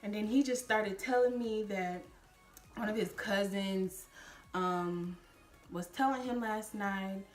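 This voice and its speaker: A young woman in her twenties tells a personal story to camera in a casual, lively way. She talks straight to her viewers as if chatting with friends. Faint music plays underneath. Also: medium pitch, slow pace. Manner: animated, addresses viewers as y'all, laughs while telling. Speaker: vlogger.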